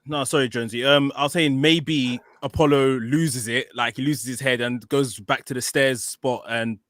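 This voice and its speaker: Measured man on a call chat. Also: mid-range voice, steady tone, fairly bright tone, no room sound, studio quality. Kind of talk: casual chat.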